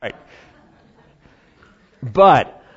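Conversational American pastor, slightly muffled. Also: male voice. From United States. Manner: conversational preaching with quick quoted asides. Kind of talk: sermon.

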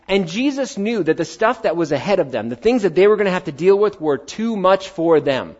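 A lively male preacher, his pitch swinging widely as he acts out voices and drops to near-quiet for emphasis. His voice sits a bit high for a man. The recording is muffled and lo-fi. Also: a little fast, hardly any pauses. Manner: animated preaching, acting out quoted voices, dropping to quiet emphasis. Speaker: pastor. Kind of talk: sermon.

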